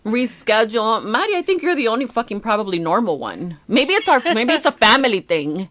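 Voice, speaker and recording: A woman co-hosting a podcast in casual chat, telling animated stories, swearing freely and acting out quotes. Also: on the high side, brisk. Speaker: podcast co-host.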